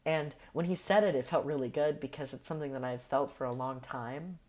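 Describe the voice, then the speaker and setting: Low-voiced woman musing to camera. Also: a little fast. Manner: meandering, many fillers and soft laughs; earnest, affirming, spiritual. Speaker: vlogger. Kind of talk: casual reflective monologue.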